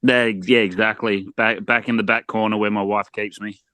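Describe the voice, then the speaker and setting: A blunt man with a low voice, talking sport in casual podcast chat. He gets heated and repeats himself when making a point. The sound is dry and close to the mic. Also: flat delivery, moderate pace, sharp tone, no room sound. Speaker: podcast guest.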